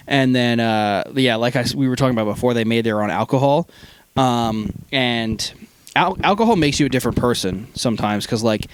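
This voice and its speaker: A man's voice: medium pitch, brisk, a little hiss or hum. A man co-hosting a podcast, casually recapping a horror film with many fillers and acting out quoted lines. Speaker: podcast co-host. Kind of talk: casual movie review chat.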